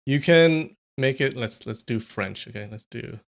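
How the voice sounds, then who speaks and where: Male streamer, casual and amused, middle pitch, off-the-cuff chat to viewers. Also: a little slow, creaky. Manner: chatty, amused, talks to chat. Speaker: live-stream host.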